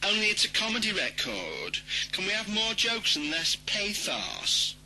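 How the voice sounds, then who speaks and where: A man's voice: high-pitched, wildly swooping pitch, unhurried, sharp tone, soft background music, poor audio. A man who acts as the producer, interrupting in a plaintive way.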